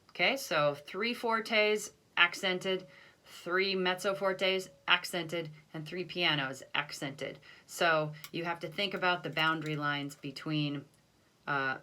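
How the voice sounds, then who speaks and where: A woman's voice: lowish voice, pushed and bright. A woman band teacher recording a video lesson, counting off beats and explaining patiently with self-deprecating asides.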